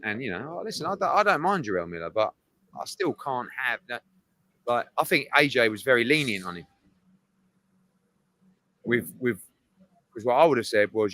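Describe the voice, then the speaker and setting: A man's voice: mid-range voice, big pitch swings, fairly quick, pauses often, pushed and bright, dry recording. A man with a British accent, a boxing promoter answering an interview question bluntly. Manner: blunt, recounts a confrontation.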